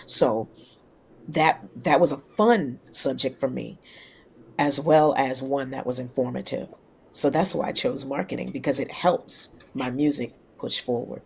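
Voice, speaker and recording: A singer from New York City, a woman, telling lively stories in a casual interview and acting out the people she quotes. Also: very deep voice, a little slow, gravelly, breathy edge. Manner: lively anecdotes, acts out quoted voices. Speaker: singer guest.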